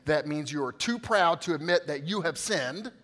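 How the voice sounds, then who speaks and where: Male pastor, high bright voice, preaching with big loud-to-hushed swings. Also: lively intonation, moderate pace, soft background music. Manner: swings from loud emphatic peaks to quiet hushed asides; addresses the congregation directly, coaxing responses. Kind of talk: sermon.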